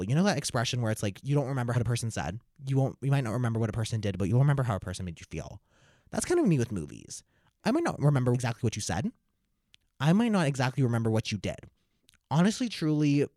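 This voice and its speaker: A young man telling a comic story in a camp, dramatic way, with slow, deliberate delivery. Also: medium pitch, a little mellow, dry recording, clean studio sound. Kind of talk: comic monologue.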